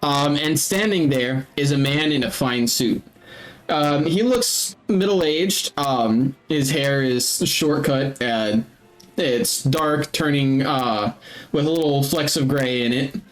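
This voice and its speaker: A man's voice: mid-range voice, slow, rough recording. A man narrating a tabletop game as game master, with frequent hesitant ums.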